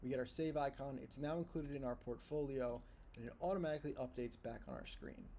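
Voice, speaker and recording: A man presenting a steady, explanatory walkthrough of an app's features. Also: mid-range voice, fast. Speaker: tutorial presenter. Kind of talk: screen-recorded app walkthrough.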